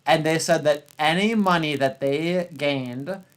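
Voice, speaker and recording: A man hosting a podcast, chatting casually, with a profane and animated ranting manner. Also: fairly high pitch, a little slow, clean tone. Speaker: podcast host. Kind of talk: casual chat.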